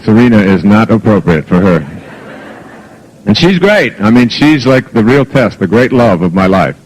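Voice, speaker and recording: A middle-aged man giving a live seminar talk as a motivational speaker, telling humorous stories with chuckles and moving between soft and emphatic delivery. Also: lowish voice, sing-song, moderate pace, poor audio. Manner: humorous anecdotal storytelling with chuckles.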